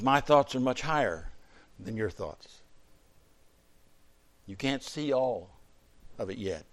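A middle-aged man preaching a sermon, a pastor whose voice climbs to emphatic peaks and then falls low and quiet. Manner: preaching with sudden surges in pitch and loudness, then dropping low.

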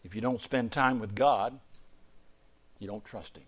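A middle-aged man preaching a sermon, a pastor whose voice climbs to emphatic peaks and then falls low and quiet. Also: unhurried, husky. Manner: preaching with sudden surges in pitch and loudness, then dropping low.

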